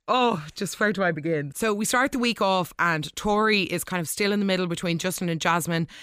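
A host giving a casual, gushing recap of the week's soap episodes, with quick asides and excited reactions. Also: medium pitch, smooth, no room sound, clean studio sound.

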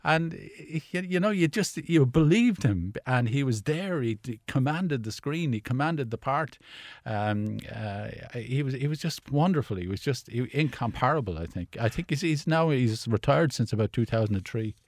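A man's voice: mid-range voice, animated, normal speed, no room sound, studio quality. A man, a film critic chatting on radio, stumbling through restarts and fillers as he talks. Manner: hesitant, many restarts and fillers. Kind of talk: casual radio chat.

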